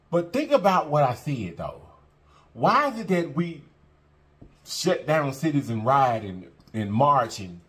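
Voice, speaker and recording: Lively, bright-voiced man preaching to viewers. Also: fairly high pitch. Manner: emphatic and repetitive, preachy, drawling fillers. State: full after a meal. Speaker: mukbang vlogger. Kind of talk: casual heart-to-heart talk to viewers.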